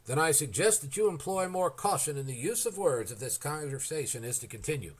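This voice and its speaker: A man's voice: on the high side, expressive, fairly quick, slightly rough. A man reading the lines of a proud, touchy army general in an audiobook of a historical novel, stiff and indignant.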